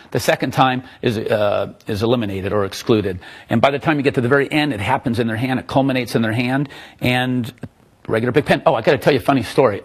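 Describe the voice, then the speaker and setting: A man's voice: mid-range voice, gravelly, husky. A man presenting his own magic trick on a live sales show, joking, laughing often and telling stories. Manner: jokey, laughs often, storytelling. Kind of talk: casual live demo chat.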